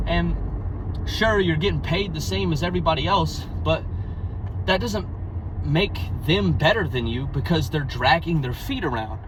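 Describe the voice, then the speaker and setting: A man's voice: a little high, noisy background. A young man talking to his own camera in a blunt, rambling, profane way, a little out of breath. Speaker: vlogger. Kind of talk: casual monologue to camera.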